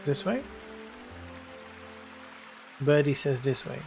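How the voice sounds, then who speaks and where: Brief: British streamer, gravelly voice, rambling banter, faint music under him. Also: male voice, medium pitch, expressive, takes it slowly. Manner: jokey, rambling banter with chat. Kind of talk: casual livestream chat.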